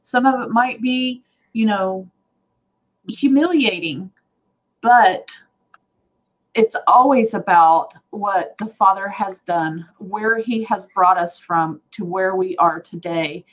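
A woman sharing a personal faith story on a talk show, earnest and animated, laughing often. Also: medium pitch, takes it slowly, rough recording. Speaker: guest sharing testimony.

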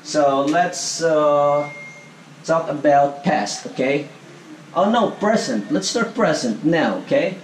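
A man teaching an English grammar lesson. He talks slowly and repeats himself, tags nearly every phrase with "okay?", and asks the class questions that he then answers himself. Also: fairly high pitch, lively intonation. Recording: echoey room, voice from far off, faint background noise.

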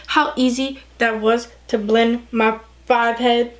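Chatty, excitable young woman vlogger. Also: on the high side, slow. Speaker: beauty vlogger. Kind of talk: casual makeup tutorial chat.

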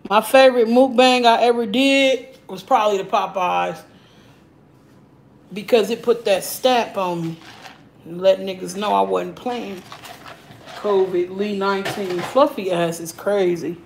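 A woman hosting a live mukbang stream from home, chatting loudly and profanely while answering viewer comments. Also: medium pitch, unhurried, creaky, poor audio. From Arizona. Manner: loud, profane, animated, reading and answering chat comments. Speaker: livestream mukbang host. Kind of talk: casual live-stream chat.

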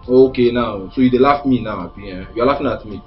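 An actor with a Nigerian accent playing a broke young husband who grumbles to himself about cooking and housework. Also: male voice, medium pitch, fast talker, highs cut off, soft background music, close to an everyday voice. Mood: grumbling. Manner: self-pitying grumbling monologue.

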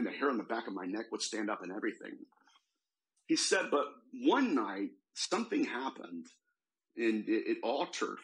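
A man, a demonologist guest in a podcast interview, telling a case story in an animated way and quoting the people in it. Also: medium pitch, rough recording. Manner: animated, retells a case with quoted voices.

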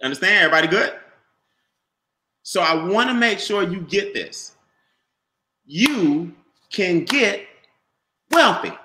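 A man giving an animated, repetitive motivational sales talk about a home business, calling on listeners by name. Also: high voice, slow, long pauses, echoey room. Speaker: business opportunity presenter.

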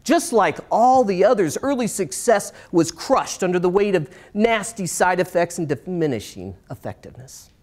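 Middle-aged man telling a story on stage. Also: sits high. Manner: expressive, swinging from bright to hushed with dramatic pauses. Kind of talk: live storytelling performance. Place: stage in a small performance space.

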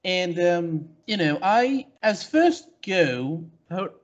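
A man's voice: high voice, very animated, takes it slowly. A man co-hosting a casual comic review podcast, rambling with many likes and restarts, on a muffled, crackly mic. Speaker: podcast co-host.

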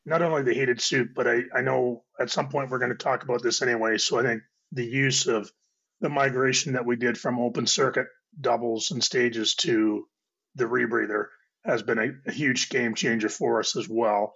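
Hoarse man with a gravelly cold voice. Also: medium pitch, steady tone, moderate pace, a bit bright. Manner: rambling, restarts phrases. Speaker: guest technical diver. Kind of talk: casual round-table chat. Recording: dull lo-fi audio.

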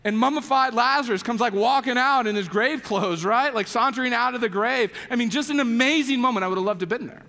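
With an extremely high pitch, a fast delivery and few pauses, this pastor preaches in a church sanctuary with a big-room sound. His storytelling is casual and animated, full of voiced quotes from the people he describes and many "like" fillers.

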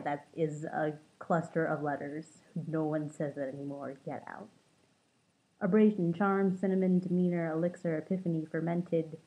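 A wry, chatty young woman, talking to her webcam at home. Her voice sits fairly low for a woman. The sound is thin and tinny, like a phone line, with self-mocking asides and the odd swear. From Los Angeles, California. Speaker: vlogger. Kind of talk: casual accent-tag vlog, reading prompts aloud.

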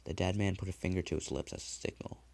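A man narrating a dark horror story in a measured, hushed delivery. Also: deep voice, fairly even intonation, creaky. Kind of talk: dramatic horror story reading.

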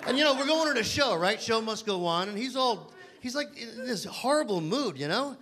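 A man's voice: extremely high pitch, animated, normal speed, bright, forceful tone, a faint crowd. A man doing a stand-up set on a comedy club stage, telling rambling, self-mocking stories that he keeps stumbling through.

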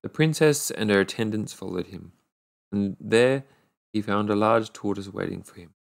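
A man reading a fairy tale aloud at an unhurried pace, often stumbling over words and restarting. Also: fairly low pitch, vocal fry. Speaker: storyteller.

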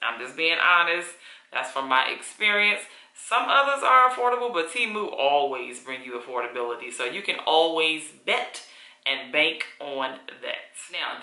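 A woman's voice: sits low, pushed and bright. A woman reviewing a wig in a chatty, effusive vlog, calling viewers honey and y'all. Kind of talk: casual product review vlog. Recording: echoey room.

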